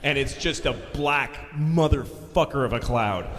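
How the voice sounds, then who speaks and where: Middle-aged male stand-up, sardonic and profane; live hall recording with clear ambient noise. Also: mid-range voice, a little slow, a bit bright. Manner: profane, exasperated, sardonic storytelling. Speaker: stand-up comedian. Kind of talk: stand-up comedy storytelling. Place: live comedy venue.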